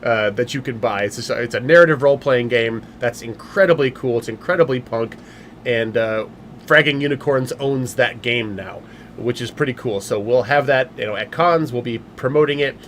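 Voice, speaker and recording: A man's voice: mid-range voice, moderate pace, fairly bright tone. Male livestream host, loose rambling delivery, faint background noise. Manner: rambling, many fillers and restarts. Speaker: livestream host, game company owner. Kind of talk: casual livestream chat.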